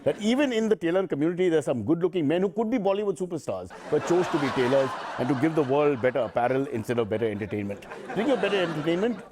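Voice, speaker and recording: Man, satirical news anchor, lively pitch, noisy studio recording with clicks. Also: fast, hardly any pauses, a crowd in the background. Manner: wry, jokey, deadpan asides. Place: TV studio set.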